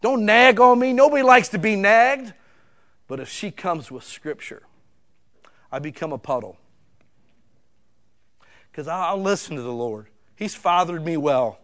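A middle-aged man, preaching a sermon in a folksy storytelling way, swinging from loud emphatic lines to hushed ones. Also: sits high. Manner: folksy, casual wording.

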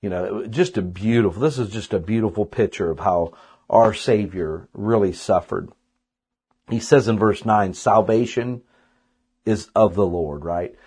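A man's voice: lowish voice, normal speed, darkish tone, breathy edge. A man teaching a casual sermon on a Bible passage, chatty and conversational, often tossing in "man" and "right?". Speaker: preacher.

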